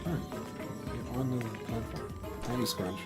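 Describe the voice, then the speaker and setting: A man with a gravelly voice giving casual, wry, grumbling commentary as he streams a game, often laughing. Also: medium pitch, fairly even intonation, measured pace. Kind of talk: casual let's-play commentary. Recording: game music behind voice. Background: game music.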